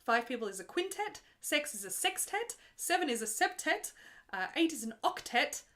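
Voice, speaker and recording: Bright-voiced woman opera singer chatting. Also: high-pitched, sing-song, normal speed. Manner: chatty and joking, breaks into full operatic singing. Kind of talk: live stream chat and teaching.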